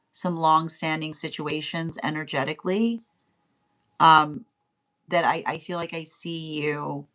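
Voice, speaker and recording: Woman tarot reader, halting and repetitive delivery with many fillers, turns lively as she goes. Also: sits low. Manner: grows animated and laughing. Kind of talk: spoken intuitive reading.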